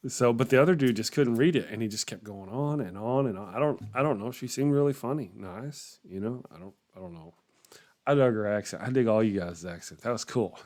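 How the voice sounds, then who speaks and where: On a morning livestream, a man chats casually with viewers, reacting to their comments in a rambling way and often chuckling and trailing off. His voice is medium-pitched and darkish, and his pace is brisk.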